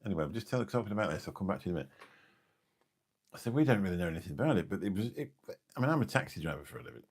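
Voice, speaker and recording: A man's voice: low-pitched, big pitch swings, racing, a little mellow, slightly rough. A man in his fifties with an English accent, a taxi driver chatting late at night on his live stream, rambling and forgetful as he answers viewers' comments.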